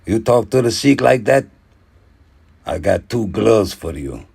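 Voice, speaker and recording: A man doing an impression of a wealthy, blunt sheikh who runs boxing promotions. He talks in broken English, pushy and repetitive, and his voice jumps lively up and down in pitch. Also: a little slow, vocal fry, slightly rough, full character voice.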